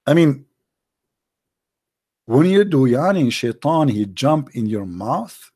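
A man's voice: mid-range voice, very animated, slow pace, dark tone, slightly rough. A man giving mocking commentary, sarcastic and mock-incredulous. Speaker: debater hosting a call-in style talk.

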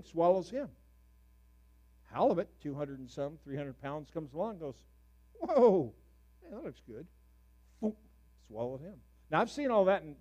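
Preaching a sermon, this middle-aged male pastor has a fairly high voice and an easygoing storytelling style punctuated by abrupt, loud, animated outbursts. Excitement sends his pitch jumping up, and the recording's high frequencies are cut off.

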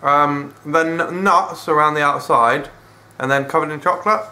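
A man's voice: fairly high pitch, normal speed, sharp tone. A British man casually reviewing a snack, rambling and hesitant, talking with his mouth full. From United Kingdom. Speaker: food reviewer. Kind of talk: casual food review vlog.

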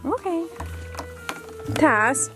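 A woman's voice: high-pitched, expressive, extremely slow, sharp tone, soft background music. A woman chatting playfully to her goats outdoors in a pen, scolding and cooing at them. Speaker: homesteader vlogger. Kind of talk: casual talk to goats. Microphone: handheld camera.

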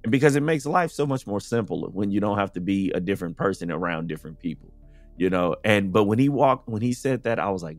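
A man's voice: lowish voice, lively intonation, fast talker, dry recording, faint music behind. A man from the United States, a podcast guest, speaking in a casual, earnest conversational way and often saying "you know".

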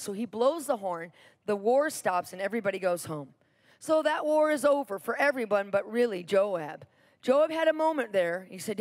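A woman preacher retelling a Bible story in a sermon, animated and repetitive for emphasis. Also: on the high side, normal speed.

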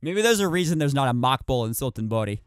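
Streaming a video game, a man offers casual commentary that rambles along, constantly correcting himself and restarting sentences. His mid-range voice is fast and smooth, with lively intonation.

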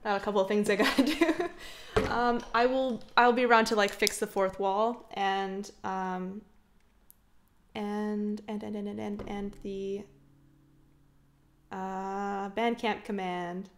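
A woman chatting casually on a live stream, reading chat and giggling often, with soft, mumbly trailing speech. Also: medium pitch, fairly even intonation, slow. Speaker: streamer and singer.

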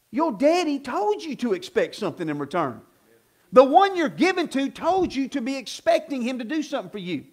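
Pastor, male, high voice, folksy sermon delivery that swings into loud emphatic preaching. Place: church sanctuary.

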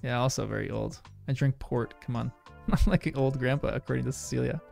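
A man's voice: mid-range voice, steady tone, brisk, creaky, a little mellow, faint music behind. A man chatting casually on a livestream while solving a crossword, rambling, laughing often and talking to his chat.

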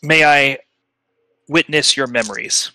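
A man voicing a vast, ancient rock being who speaks in a gravelly, slow, formal and polite way. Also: mid-range voice, sharp tone, no room sound, voice pushed up, low-quality recording. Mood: calm.

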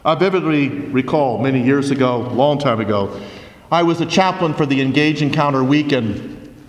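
A man preaching a forceful homily as a priest, full of rhetorical questions. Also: mid-range voice, moderate pace. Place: large church. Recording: echoey church from a distance.

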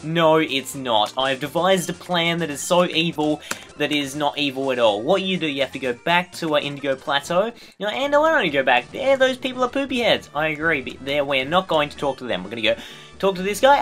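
A man's voice: a little high, animated, fast talker, fairly bright tone, faint music behind. A man hosting a video game playthrough with goofy, rambling, joking commentary. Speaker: let's play host. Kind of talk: casual gameplay commentary.

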